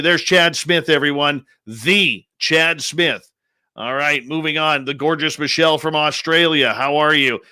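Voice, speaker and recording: A man hosts a live radio show from his home studio, reading out listener names with playful, stretched-out announcer flair. His voice sits a touch high and sounds bright and forceful, recorded close and dry. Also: no echo. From Canada. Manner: upbeat, playful, drawn-out announcer emphasis. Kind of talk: live show roll call and greetings. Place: home studio in British Columbia.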